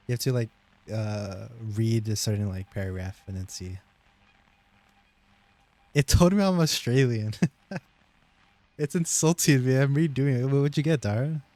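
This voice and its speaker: A man's voice: mid-range voice, lively intonation, measured pace, pauses often, warm tone, dry recording. A young American man chatting casually with friends on a stream, joking and teasing them and laughing often.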